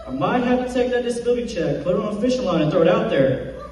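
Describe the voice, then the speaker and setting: A man performs a stand-up set, delivering self-deprecating jokes in a mellow, slightly high voice. He is picked up from far off on stage, and his words ring through a big echoey room with a long reverb tail. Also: expressive, quick pace. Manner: self-deprecating punchlines with acted quotes. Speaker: stand-up comic. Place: comedy club stage. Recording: distant echoey hall recording.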